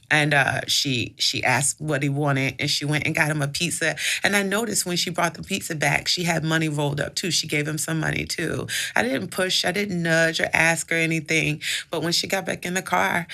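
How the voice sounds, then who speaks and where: A woman with a low voice that has a gravelly edge and a bright, forceful tone. She hosts a casual faith-based advice chat. She tells stories reflectively, with frequent "you know" and "like" fillers. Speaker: advice podcast host.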